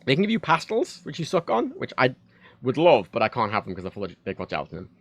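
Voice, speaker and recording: A streamer from the United Kingdom rambles frankly on a casual home livestream, with lots of fillers and restarts, speaking into a desk microphone. His voice is medium-pitched with huge pitch swings, and he talks at a quick pace.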